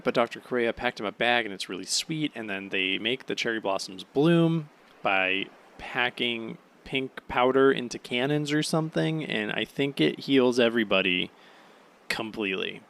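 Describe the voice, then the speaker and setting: A sleepy, yawning man hosting a podcast, rambling through a casual solo recap with lots of "um"s and swearing, now and then bursting into high, excited gushing. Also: normal speed, gravelly. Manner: rambling, offhand, peppered with swearing and "um"s. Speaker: podcast host.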